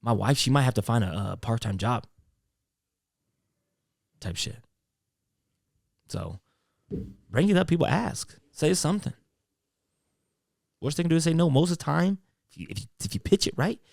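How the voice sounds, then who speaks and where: A man's voice: mid-range voice, normal speed, creaky, pauses often, a little mellow. A young man co-hosting a podcast, telling a story in casual chat with loose fillers and quoted voices. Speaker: podcast co-host.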